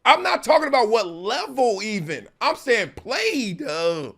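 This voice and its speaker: Animated high-voiced man hosting a talk show. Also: unhurried. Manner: emphatic, laughing, slangy, acts out quotes in mocking voices. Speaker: host.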